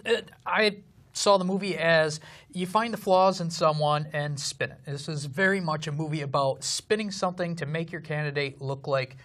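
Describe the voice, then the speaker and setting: Movie review cohost, even middle voice, calm critical takes. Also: mid-range voice, moderate pace. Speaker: film review show co-host. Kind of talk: casual film review chat.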